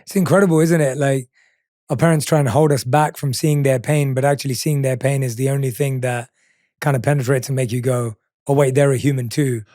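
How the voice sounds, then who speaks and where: A man hosting a podcast, asking short, gentle follow-up questions and reflecting thoughtfully. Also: medium pitch, steady tone, a little fast, no room sound, clean studio sound. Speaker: podcast host.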